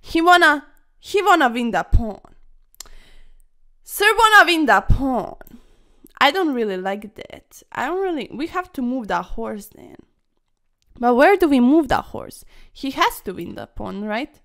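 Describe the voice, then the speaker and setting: A woman's voice: high-pitched, big pitch swings, unhurried, long pauses, a bit bright. A young woman commentating her own online chess games in a playful, dramatic way, full of quirky slang and mock-formal asides. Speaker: chess streamer.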